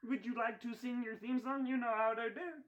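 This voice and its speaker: A man's voice: very high-pitched, steady tone, moderate pace, a bit bright. A man voicing a laid-back, friendly cartoon dad who drawls and sings in a sing-song way, recorded with dull lo-fi sound. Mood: playful.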